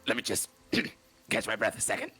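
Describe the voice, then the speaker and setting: A man narrating as game master of a tabletop game, descriptive and playful, slowing down for dramatic detail. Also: on the low side, huge pitch swings, pushed and bright, husky, faint music behind.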